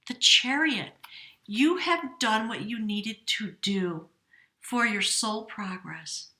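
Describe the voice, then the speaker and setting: A woman's voice: a little high, slow pace, pushed and bright, echoey room. A woman giving a tarot reading, emotional and effusive, dropping into whispered exclamations. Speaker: tarot reader.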